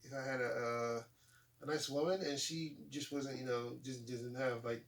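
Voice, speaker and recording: Animated forty-something man, slightly distant mic. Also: mid-range voice, moderate pace. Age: 40s. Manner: animated, laughing storyteller acting out quotes. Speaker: talk show host. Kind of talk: casual chat.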